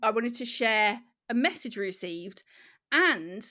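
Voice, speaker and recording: Lively, animated woman co-hosting a chat. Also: fairly high pitch, measured pace, soft background music. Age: 40s. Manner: chatty, laughs often, trails off mid-sentence. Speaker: podcast co-host. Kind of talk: casual chat.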